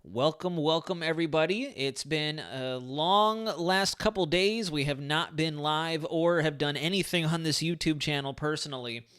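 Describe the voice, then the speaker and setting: A man hosting a live weather stream in a casual, excitable, rambling way, his speech a little slurred from a sore lip. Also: fairly high pitch, normal speed, few pauses, clear, resonant tone. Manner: chatty, excitable, rambling asides. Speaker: weather livestream host. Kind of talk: casual livestream weather talk.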